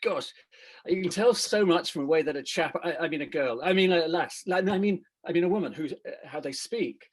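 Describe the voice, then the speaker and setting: A man puts on a clueless, self-satisfied gentleman who stumbles and backpedals through every sentence while talking down to others. The voice sits fairly high for a man and has a husky edge. It comes through a video-call mic in a comedic role-play. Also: fairly quick, natural voice. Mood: condescending. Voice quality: bumbling, patronizing, tripping over his words. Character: pompous, clueless prejudiced British gentleman. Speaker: consultant acting out a skit.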